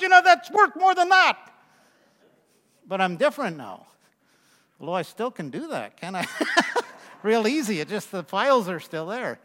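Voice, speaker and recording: Older man preaching, high voice, bright and forceful, folksy storytelling, long hall reverb. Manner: folksy storytelling with asides to the congregation. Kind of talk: conversational sermon.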